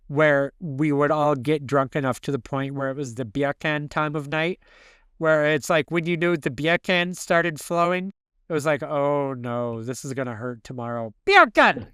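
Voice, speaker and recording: A man co-hosting a podcast in casual movie chat, animated and swearing freely as he talks. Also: on the high side, smooth, dry recording, clean studio sound. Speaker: podcast co-host.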